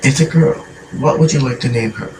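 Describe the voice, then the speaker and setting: A man voicing a hospital doctor in a told story, read in a plain halting way. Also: medium pitch, a little mellow, natural voice. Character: hospital doctor, matter-of-fact. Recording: echoey room, mic far off, hiss.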